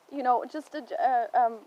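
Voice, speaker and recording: A young woman with a slightly high voice shares a reflective personal vlog from home. She thinks aloud and turns toward encouragement, with a faint hiss under the recording. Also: lo-fi sound. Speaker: vlogger. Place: home indoors.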